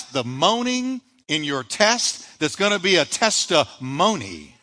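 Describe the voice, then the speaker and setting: A male pastor delivers a live sermon with a bright, forceful tone. His voice swings widely in pitch and rises in emphatic bursts over repeated refrains. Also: sing-song, takes it slowly, hardly any pauses. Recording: live church sermon audio.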